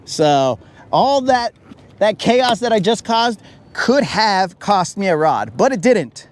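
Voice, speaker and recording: A man streaming live from a fishing boat on a lake, joking with his chat in a slangy way, his voice a bit raspy from talking. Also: high-pitched, big pitch swings, slow. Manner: slangy, joking, talks to chat as bro and dog.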